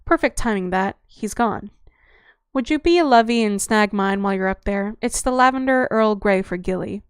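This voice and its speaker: A woman's voice: medium pitch, moderate pace, clean tone, dry recording, clean studio sound, close to an everyday voice. A woman voicing a chatty, blunt young-looking female vampire who talks with crude slang and breezy patter.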